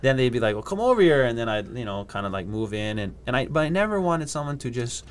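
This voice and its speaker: A man's voice: medium pitch, fast. A young man from Hawaii telling surf stories casually, acting out other people's voices and laughing often. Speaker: guest, surfer and scientist. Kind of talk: casual podcast storytelling.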